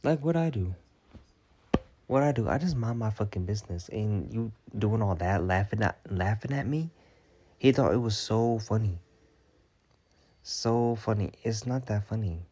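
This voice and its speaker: A man's voice: fairly low pitch, lively intonation, moderate pace, long pauses, warm tone. A man ranting through a storytime vlog, profane and exasperated, firing off rhetorical questions. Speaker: storytime vlogger. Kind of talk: casual storytime rant.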